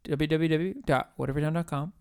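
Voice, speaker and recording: Male co-host, joking and mock-stressed, higher voice, smooth tone. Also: fairly even intonation, a little fast, darkish tone. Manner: jokey, laughs often, mock-stressed. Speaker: podcast co-host. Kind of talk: casual chat.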